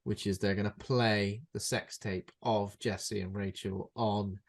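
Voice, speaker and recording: A man's voice: on the low side, steady tone, measured pace, vocal fry. A man, a podcast co-host, chatting loosely about a film and searching for his words. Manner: rambling, searches for words with fillers. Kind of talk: casual film recap chat.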